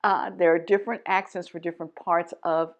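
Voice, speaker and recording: A woman's voice: lowish voice, level tone, a little fast, muffled recording. A middle-aged woman from Texas, an educator explaining literature themes to teachers, thoughtful and emphatic with frequent restarts and asides. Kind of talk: teaching talk to camera.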